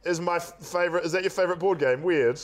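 A man's voice: on the high side, fast. A man, a comedian guest in casual chat, joking and putting himself down. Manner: jokey, self-deprecating, laughs often.

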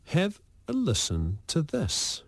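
A man's voice: on the high side, huge pitch swings, takes it slowly, vocal fry, no room sound. A man hosting a radio talk show, joking and rambling with stammered restarts. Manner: jokey, rambling, stammers on repeats. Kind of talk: casual radio chat. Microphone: studio microphone.

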